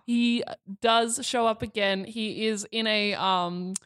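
A woman's voice: medium pitch, steady tone, slow, a bit bright, smooth, no room sound, studio quality. A woman co-hosting a casual podcast, recounting a story with frequent laughter and fillers. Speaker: podcast co-host. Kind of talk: casual chat.

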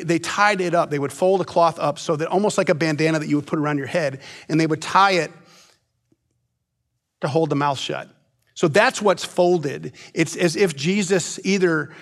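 A male pastor gives a conversational sermon, often restarting his sentences and dropping his voice soft and low at tender moments.

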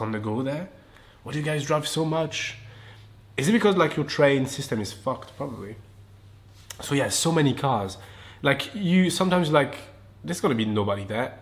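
A man with a French accent, hosting a solo podcast and chatting casually, swearing freely, laughing often and drifting onto tangents. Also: medium pitch. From France. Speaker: podcast host. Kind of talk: rambling solo podcast chat.

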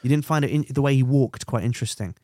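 A man's voice: mid-range voice, quick pace, a little mellow, no room sound, studio quality. A man co-hosting a podcast in casual chat, running through results with jokes. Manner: jokey, runs through race results with silly voices. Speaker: podcast co-host.

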